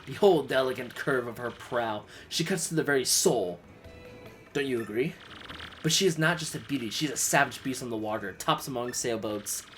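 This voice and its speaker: A man's voice: medium pitch, slight background noise, close to an everyday voice. A man voicing a pompous, flamboyant male trader who talks in a grand, theatrical way. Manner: grandiose, dramatic, self-praising.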